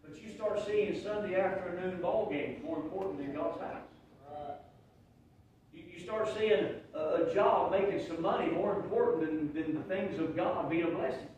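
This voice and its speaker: A man's voice: high voice, normal speed, darkish tone, slight background noise. A man, preaching a heartfelt sermon as pastor, often restarting his sentences. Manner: earnest, emotional preaching with repeated restarts. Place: church sanctuary. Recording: very echoey room, mic at a distance.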